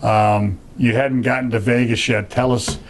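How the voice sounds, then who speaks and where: A man's voice: medium pitch, little pitch movement, moderate pace, slight background noise. A man hosting a TV talk show, upbeat and encouraging, putting in short interjections as he interviews his guests. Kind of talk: casual TV interview.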